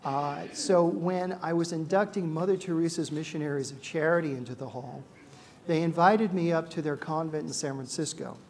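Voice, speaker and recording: A man's voice: a little high, normal speed. Man telling stories in a speech. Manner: animated anecdotes with acted-out quotes and frequent "uh" fillers. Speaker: award ceremony founder giving a speech. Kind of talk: storytelling speech to an audience.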